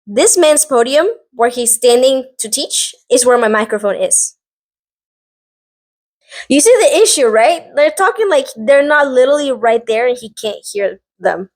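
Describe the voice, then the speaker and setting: A woman talks straight to her viewers in a casual, chatty recap, her voice sitting a little higher than most. She rambles, wanders into side notes and leans on "like" constantly. The energy stays animated and conversational throughout. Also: measured pace. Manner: animated, rambling, heavy use of "like". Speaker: book and drama recap vlogger.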